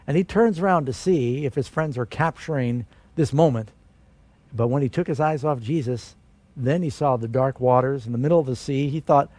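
A man's voice: medium pitch, moderate pace, a little mellow, no room sound. A man preaching a sermon, telling stories dramatically and acting out the voices of the people in them. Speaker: pastor.

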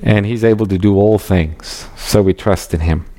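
A man giving an expository Bible teaching in a measured, emphatic way, reading scripture aloud as he goes. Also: fairly low pitch, warm tone.

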